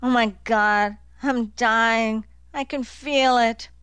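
A woman's voice: fairly high pitch, fairly even intonation, slow, fairly bright tone, smooth, dry recording. A woman voicing a panting, dying man. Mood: panicked. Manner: wailing, breathless short bursts.

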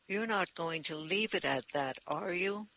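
A man voicing a seething male crewman who speaks slowly and insistently. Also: high voice, vocal fry, sharp tone, full character voice, low-quality recording. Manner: slow, insistent.

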